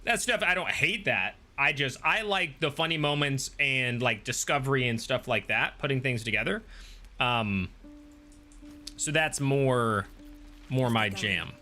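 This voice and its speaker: Casual male streamer host, rambling chat delivery, brightish tone over quiet game music. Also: mid-range voice, unhurried. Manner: rambling, many ums and restarts, reads chat aloud. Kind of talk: casual chat while gaming.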